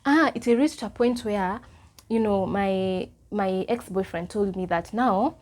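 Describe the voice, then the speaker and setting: A young Kenyan woman with a Kenyan accent telling a personal story in a casual, animated way, slipping Swahili phrases into her English. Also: mid-range voice, slow. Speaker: vlogger.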